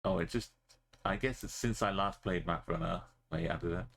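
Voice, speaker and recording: A man's voice: sits low, normal speed, creaky, a bit bright. A man streaming a map game, talking in a rambling, jokey way. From Britain. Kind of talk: casual gaming commentary.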